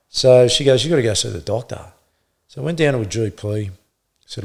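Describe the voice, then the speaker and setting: A middle-aged man, a former police officer, telling his story in an interview with blunt swearing and halting restarts. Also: medium pitch, lively intonation, vocal fry. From Australia.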